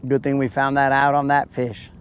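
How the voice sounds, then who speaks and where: A man hosting a live fishing stream, chatting casually and teasing his viewers in a joking, drawn-out way. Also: medium pitch, completely flat delivery, a little hiss or hum. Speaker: fishing livestream host.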